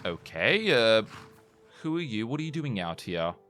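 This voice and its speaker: Male gaming host, musing, self-mocking, unhurried, game music under him. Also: mid-range voice, big pitch swings, a bit bright. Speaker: gamer host. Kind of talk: gameplay commentary.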